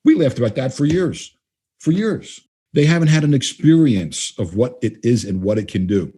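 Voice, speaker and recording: A man's voice: medium pitch, moderate pace, slightly rough. A man answering interview questions, telling stories and acting out both sides of conversations. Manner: animated, acts out both sides of dialogues. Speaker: guest trainer.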